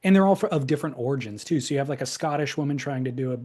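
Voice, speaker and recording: A man's voice: mid-range voice, racing, mellow. A man co-hosting a podcast in casual chat, easygoing and wry, stretching his thoughts into long asides. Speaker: podcast co-host.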